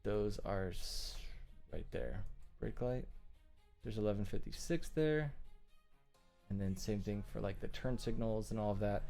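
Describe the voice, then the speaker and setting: A man's voice: on the low side, measured pace, gravelly, long pauses, dark tone, soft background music. A man casually chatting with viewers during a live stream while working on car tail lights, moving around his workbench. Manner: laid-back, talks to chat between tasks.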